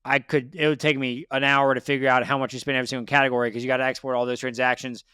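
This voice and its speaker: A man's voice: medium pitch, level tone, racing, sharp tone, smooth, no room sound, studio quality. A man hosting a debt interview, giving blunt, lecturing advice and repeating his points. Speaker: financial advice host. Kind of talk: direct money coaching.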